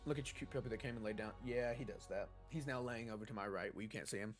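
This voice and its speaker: Soft background music plays as a young gaming streamer races through his words in a lowish voice. Speaking into a desk mic at home, he chats casually during his live video game stream and answers viewer questions.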